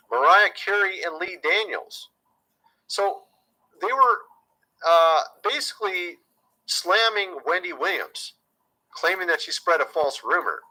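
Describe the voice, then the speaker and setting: A man's voice: a little high, bright, forceful tone, rough recording. A man talking casually to his viewers as a YouTube commentator, chatty and conspiratorial, often calling them "folks".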